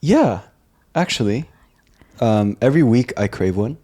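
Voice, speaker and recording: A man being interviewed as a guest, talking in a relaxed, laid-back way with frequent ums. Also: mid-range voice, a little slow. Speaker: restaurant co-founder guest. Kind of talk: casual interview chat.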